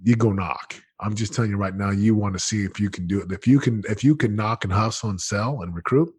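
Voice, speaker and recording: A man in his late thirties tells his story as a guest in a conversation. His voice sits on the low side and has a slightly husky edge. He speaks with energy and emphasis, breaking off and restarting sentences and mixing in slang. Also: fairly quick, a little mellow. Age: late 30s. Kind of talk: casual storytelling in an interview.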